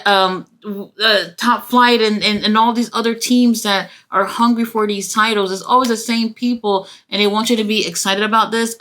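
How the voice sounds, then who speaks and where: A woman talking through a wrestling show review in a loose, casual way. Her voice is bright and forward. She is blunt and fed up, swears freely and jumps into lively asides. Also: mid-range voice.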